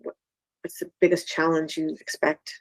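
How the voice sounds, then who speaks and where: A woman's voice: deep voice, completely flat delivery, moderate pace, dry recording. A woman, an author hosting a livestream, chatting in a bubbly, enthusiastic, slightly scattered way. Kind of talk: casual live chat.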